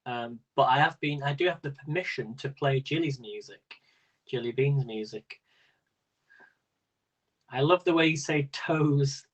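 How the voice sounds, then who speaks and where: A man's voice: a little high, fairly bright tone, low-quality recording. A man hosting a live-stream quiz in a casual, rambling way, laughing often as he talks. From Britain. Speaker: quiz host.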